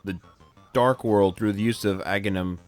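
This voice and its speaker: A man's voice: fairly low pitch, fairly even intonation, moderate pace, faint music behind. A man hosting a game stream in casual chat, drowsy and yawning, rambling and correcting himself as he plays. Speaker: streamer host.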